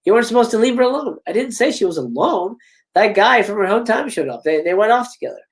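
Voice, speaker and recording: A man voicing a cocky young male college student who bursts into loud song. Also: sits high, lively intonation, quick pace.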